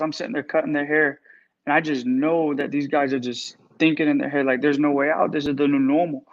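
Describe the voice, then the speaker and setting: A barber in recovery calls in to a live stream, his fairly high male voice muffled in the recording. Emotional and grateful, he gushes with repetitive praise while talking about his recovery.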